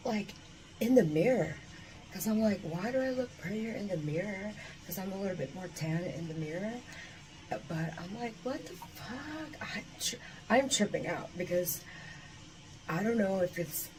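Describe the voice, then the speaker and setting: A woman talking to her phone camera at home, excited and profane, rambling with lots of fillers. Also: lowish voice. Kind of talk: casual selfie vlog. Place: indoors at home. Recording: noisy phone recording.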